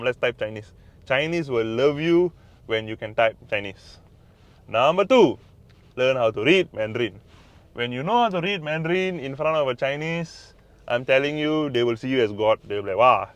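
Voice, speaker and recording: A Mandarin teacher with a Malaysian English accent and a mid-range voice gives casual language tips to camera. He's emphatic, repeats phrases, and mixes in Malay words. The lo-fi recording has no room sound.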